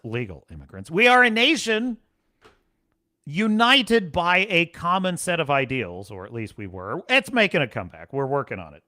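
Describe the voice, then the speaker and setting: A man hosting a livestream show, chatting casually in a rambling, animated way and laughing often. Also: on the high side.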